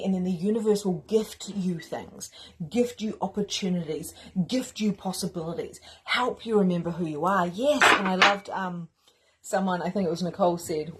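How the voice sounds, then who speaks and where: A woman spiritual mentor hosting a course, giving an energetic, emphatic motivational teaching talk in a casual manner with repetition. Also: medium pitch, brisk, slight background noise.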